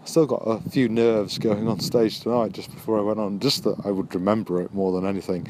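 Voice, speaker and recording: A man's voice: fairly low pitch, steady tone, a little fast, noisy background. Man chatting casually near a rail line. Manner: rambling and musing, friendly encouragement. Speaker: podcast host and new stand-up comic. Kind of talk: casual late-night chat. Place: near a train line at night.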